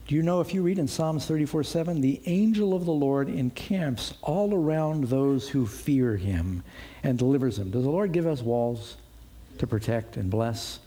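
Male pastor, warm and slightly raspy, teaching scripture conversationally. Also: mid-range voice. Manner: conversational, asks the listeners rhetorical questions. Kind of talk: expository sermon.

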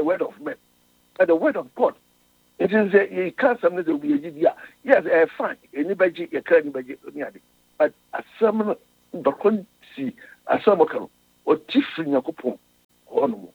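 A man's voice: a little high, vocal fry, breathy edge, no echo. A man preaching a sermon. He reads scripture in English, explains it in Twi, and restarts often. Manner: halting, with frequent restarts. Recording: tinny radio broadcast.

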